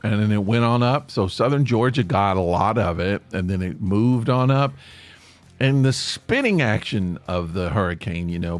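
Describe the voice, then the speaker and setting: With a fairly low voice and an East Tennessee Appalachian accent, this Tennessee man hosts a podcast, spinning a chatty, rambling monologue in a storyteller's manner.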